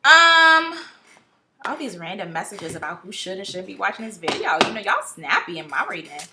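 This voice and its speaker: A woman reads tarot cards in a casual vlog style, chatty, blunt, and animated, often exasperated and swearing now and then. She speaks at medium pitch and normal speed over a noisy background.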